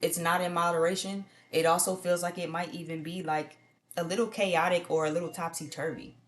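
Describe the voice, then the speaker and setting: A woman's voice: on the low side, fairly even intonation, fairly quick. A woman giving a casual tarot reading to viewers in a blunt, profane, conversational way. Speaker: tarot reader.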